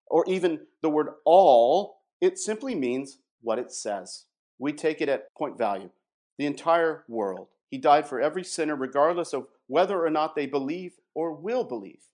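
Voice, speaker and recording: A man giving a measured, emphatic theological explanation and reading passages aloud. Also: on the high side, expressive, darkish tone. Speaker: guest presenting doctrine. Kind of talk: explanatory theological talk with read quotations.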